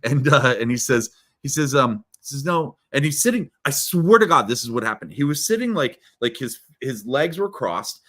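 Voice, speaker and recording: A man telling stories as a guest in a live video interview, energetic and playful. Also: medium pitch, normal speed, hardly any pauses. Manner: energetic, playful, many restarts. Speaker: guest, keynote speaker. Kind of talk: animated storytelling in a live interview.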